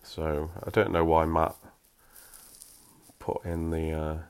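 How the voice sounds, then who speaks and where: A man's voice: extremely low pitch, monotone, slow pace, a little mellow, smooth. A man reading a story aloud, breaking off for wry, self-mocking asides.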